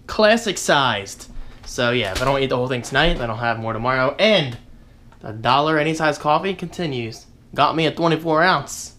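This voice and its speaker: Upbeat man vlogging his day, chatty and animated, voice swinging up and down. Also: mid-range voice, a little hiss or hum. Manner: chatty, animated, joking asides to viewers. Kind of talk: casual daily vlog chat.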